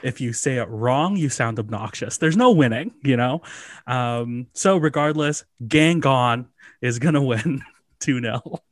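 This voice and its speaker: A man's voice: medium pitch, a little slow, no room sound. A man co-hosting a casual football podcast, dropping dry, wry one-liners between his score picks. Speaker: podcast co-host. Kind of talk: casual sports chat.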